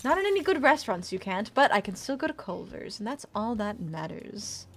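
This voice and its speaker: A woman streamer voicing a teasing, sultry motherly persona, soft and slow, while playing a card game. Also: mid-range voice, very animated, a little hiss or hum. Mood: coy teasing. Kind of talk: live game stream commentary.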